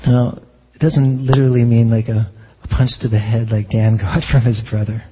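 Husky-voiced male pastor preaching. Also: mid-range voice, level tone, moderate pace, lo-fi sound. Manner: conversational, with frequent restarts and rhetorical questions. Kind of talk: sermon.

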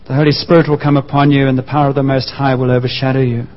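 A man preaching a sermon to a congregation, repeating key phrases and slowing down to press his points home. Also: mid-range voice, little pitch movement. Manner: emphatic, repeats key phrases, slows for emphasis. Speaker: pastor. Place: church hall. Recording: muffled sound with long church reverb.

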